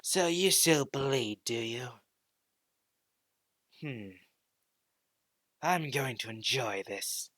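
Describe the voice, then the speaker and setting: A man voicing a sinister, ancient male shadow spirit that gloats slowly and slips into breathy whispers. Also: medium pitch, lively intonation, a bit bright, no room sound.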